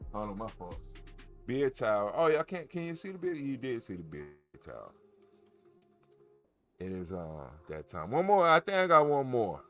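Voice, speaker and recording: A man hosting a casual livestream, his pitch leaping up and down as he rambles and jokes. He restarts sentences often and keeps a loose, chatty manner, with faint music playing behind him. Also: unhurried, long pauses. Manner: animated, rambling and jokey, with many restarts. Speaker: cannabis grow livestream host.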